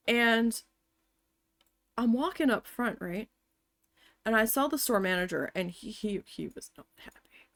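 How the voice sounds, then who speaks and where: A woman's voice: a little high, no echo. Blunt, cursing woman streamer. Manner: blunt, swears often, animated retelling. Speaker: game streamer. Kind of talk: casual storytelling while playing a game.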